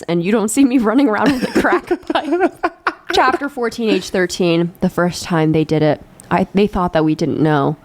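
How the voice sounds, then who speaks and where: A woman's voice: lowish voice, darkish tone. A young woman reading a novel aloud as co-host, breaking off into giggling, profane asides in casual comedic banter. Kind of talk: casual comedic read-along.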